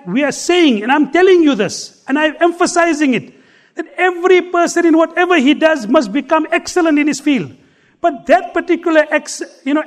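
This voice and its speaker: A man delivering a sermon in a very high voice for a man. He tells a story, recites scripture, and drives his points home by repeating them with emphasis. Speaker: preacher.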